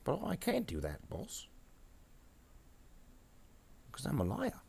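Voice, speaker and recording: A man's voice: mid-range voice, huge pitch swings, slow pace, vocal fry, darkish tone, husky, voice pushed up, exaggerated voice. A man voicing a timid little male grot servant, who answers nervously and stammers. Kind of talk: improvised comedy skit while painting.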